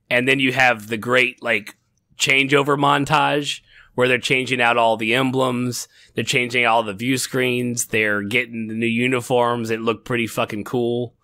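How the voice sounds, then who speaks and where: A man's voice: medium pitch, flat delivery, measured pace, sharp tone, dry recording, studio quality. A middle-aged man co-hosting a casual TV review chat, rambling with frequent restarts and laughter. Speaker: podcast co-host.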